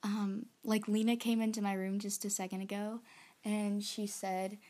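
A young woman chatting casually in a vlog about her songs, rambling with lots of fillers, nervous and excited. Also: mid-range voice, normal speed. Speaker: aspiring singer-songwriter.

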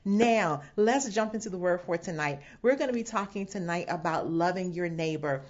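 A woman's voice: fairly low pitch, lively intonation, moderate pace. A woman pastor giving a sermon, teaching with emphatic quoted asides and bursts of laughter. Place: home setting away from the sanctuary. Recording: dull lo-fi sound.

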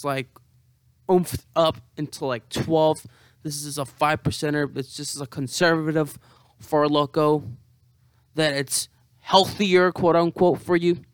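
Slow-talking hungover young man. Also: fairly high pitch, smooth, no echo, clean studio sound. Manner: profane, rambling, self-mocking. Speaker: vlogger. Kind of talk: casual monologue to camera.

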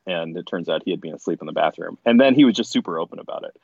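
A man's voice: low-pitched, racing, gravelly, slightly rough, no echo, lo-fi sound. A man telling funny stories in a casual podcast chat, laughing often. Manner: animated, laughing storyteller. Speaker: podcast guest.

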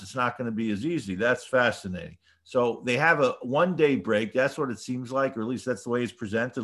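A man giving a Torah class, reading sources aloud and translating them emphatic, animated delivery. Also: medium pitch. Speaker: rabbi teaching a class.

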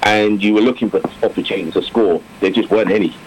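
A man's voice: on the low side, steady tone, fast, a little hiss or hum, low-quality recording. A man, a cricketer who now coaches, answering interview questions in a loose, rambling way full of fillers and restarts. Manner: rambling, many fillers and restarts, warm laughter.

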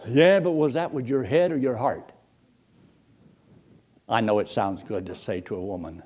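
A man preaching a storytelling sermon in a folksy, animated way, often chuckling and talking straight to the congregation. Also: medium pitch, moderate pace.

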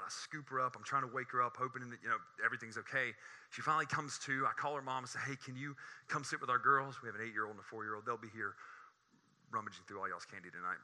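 A man, preaching a sermon and telling a personal story in an animated, conversational way. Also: mid-range voice. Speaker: pastor.

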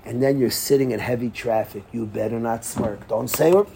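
A man's voice: mid-range voice, moderate pace, creaky, slight background noise. A man teaching a Torah class as a rabbi, telling the story with energy, acting out the quotes and dropping Hebrew and Yiddish terms into his English. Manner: animated storyteller who acts out quotes and laughs often. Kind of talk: lively Torah class lecture.

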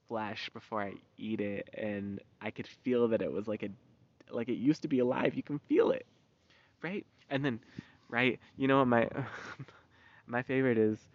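A vlogger with a fairly low, darkish voice rants in a heated, casual monologue full of loose slang and free swearing. The recording sounds dull and lo-fi.

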